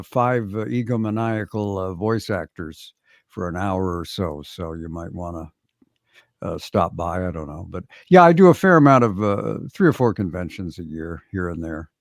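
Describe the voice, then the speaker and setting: Older male voice actor, gravelly timbre, dry close mic, easygoing and modest. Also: lowish voice, dry recording. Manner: relaxed, self-deprecating, stammering restarts. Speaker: voice actor guest. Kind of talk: casual interview chat.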